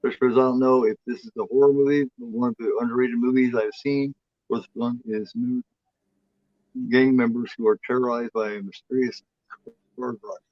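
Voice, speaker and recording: A man's voice: mid-range voice, fairly even intonation, normal speed, dry recording, highs cut off. A man co-hosting a horror movie chat show, rambling and swearing freely in casual talk. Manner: rambling, swears freely, voices the cat in a playful drawl.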